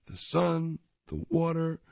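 Gravelly, lively man reading comics aloud. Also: a little high, slow pace, dry recording, highs cut off. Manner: playful, jokey, acts out characters. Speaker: comic strip reader.

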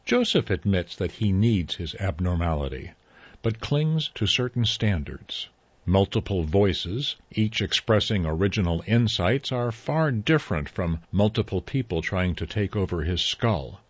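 A man reading a story aloud in a measured, even way. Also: low voice, slightly rough, no room sound, muffled recording. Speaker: narrator. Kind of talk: scripted story narration.

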